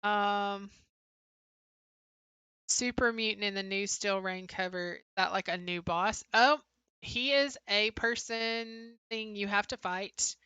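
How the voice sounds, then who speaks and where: A woman's voice: mid-range voice, takes it slowly, pushed and bright, clear, resonant tone, no room sound, muffled recording. A young woman co-hosting a livestream, casually chatting and answering viewers' comments with frequent "um" fillers. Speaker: livestream co-host.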